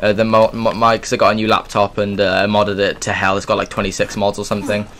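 A man's voice: on the low side, little pitch movement, fast, a bit bright. Chatty man narrating a game. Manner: rambling, chatty, with sudden exclamations. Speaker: gaming YouTuber. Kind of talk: let's play commentary.

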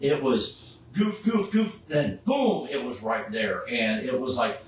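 A middle-aged man chats casually at a slow pace in a mid-range voice, animatedly acting out the people he quotes as he tells a story. He's a charity Superman cosplayer, captured far from the mic in an echoey room with faint background noise.

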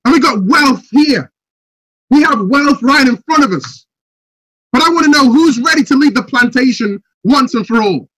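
A man giving a motivational speech on a group video call, firing rhetorical questions and building up to shouts. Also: extremely high pitch, expressive, normal speed, dry recording, rough recording. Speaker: motivational speaker.

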